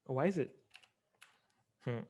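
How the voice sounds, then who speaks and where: A man giving an informal linguistics lecture over a video call, talking in a relaxed, conversational way with many ums and uhs. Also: takes it slowly.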